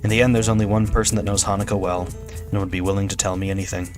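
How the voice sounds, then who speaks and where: Low-voiced man reading a visual novel aloud. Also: racing, soft background music. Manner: steady first-person narration with small restarts. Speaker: streamer.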